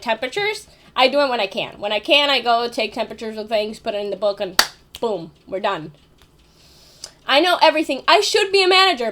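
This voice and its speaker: A woman's voice: fairly high pitch, fairly bright tone. A young woman telling a casual story about her job, full of fillers like "like" and "you know", with casual swearing. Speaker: vlogger.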